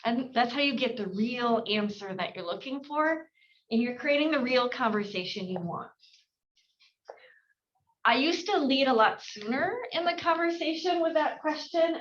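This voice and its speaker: A woman coaching real estate agents in an energetic team training talk, switching her inflection to act out client dialogue. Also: a little high, highs cut off.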